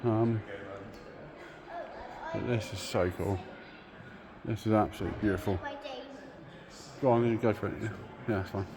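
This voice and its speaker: A man giving a casual, excitable walking tour of a car museum, gushing and swearing over the cars he loves. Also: fairly low pitch, normal speed, pauses often, a crowd in the background. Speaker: car vlogger. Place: indoor car museum, busy hall.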